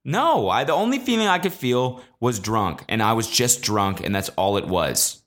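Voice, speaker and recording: A man's voice: mid-range voice, lively intonation, moderate pace, a bit bright. A young man hosting a podcast, telling a story in a rambling, profane, self-mocking way, full of fillers. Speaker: podcast host. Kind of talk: casual solo storytelling.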